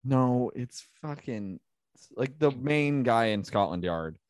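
Podcast cohost guy, slow and halting, dry sound. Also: medium pitch, lively intonation, darkish tone, no room sound. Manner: halting, searching for words. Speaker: podcast co-host. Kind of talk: casual banter.

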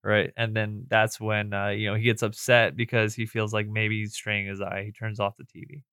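A man's voice: fairly low pitch, little pitch movement, a little fast, fairly bright tone, clear, resonant tone, dry recording, clean studio sound. A man co-hosting a casual podcast, laid-back as he walks through the plot, laughing often and swearing casually. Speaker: podcast co-host. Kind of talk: casual comedic movie recap.

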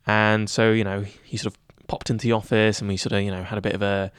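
A young man in his twenties talking in a relaxed interview, chatty and self-deprecating with lots of fillers. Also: lowish voice, fast talker, clear, resonant tone, dry recording. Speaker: head of news at student radio. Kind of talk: casual interview chat.

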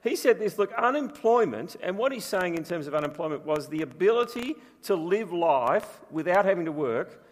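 A man's voice: sits high, animated, moderate pace, hardly any pauses. A man preaching a sermon as pastor, telling stories in a chatty, humorous way. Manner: chatty storytelling with humour. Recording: long reverb from a large room.

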